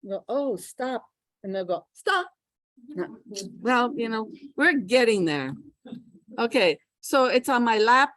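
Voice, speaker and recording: A woman's voice: a little high, expressive, normal speed, fairly bright tone, no echo. An older woman giving a live pronunciation workshop for teachers, chatty and demonstrating sounds aloud. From United States. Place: classroom.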